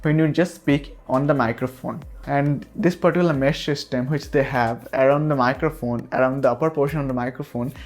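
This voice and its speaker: A man's voice: medium pitch, fairly even intonation, a little fast, hardly any pauses. A man giving a product review of a microphone, talking earnestly and reassuring the listener again and again, recorded on a USB desk mic. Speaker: tech reviewer.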